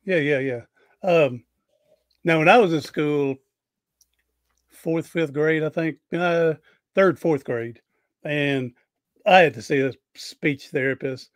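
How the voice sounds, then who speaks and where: Guy hosting a podcast, kinda high voice, rambly story style, dry close sound. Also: slow pace, long pauses, dry recording. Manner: rambling, folksy anecdotes with restarts. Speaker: podcast host. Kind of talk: casual interview storytelling.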